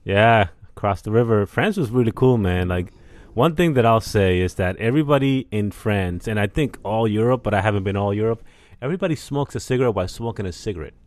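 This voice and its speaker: Male podcast co-host, low pitch, dry close sound, relaxed chat with easy laughter. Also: brisk, no echo. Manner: laid-back, laughs often, swears casually. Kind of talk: casual chat.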